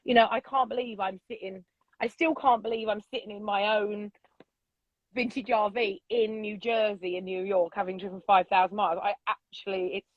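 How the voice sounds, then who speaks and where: A middle-aged woman telling stories as a guest, loud and unapologetic in how she talks. Her voice sits at an ordinary pitch, and the sound is dry and a little dull, like a remote call. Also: steady tone, normal speed, no echo. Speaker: podcast guest. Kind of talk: casual interview chat. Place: vintage bus.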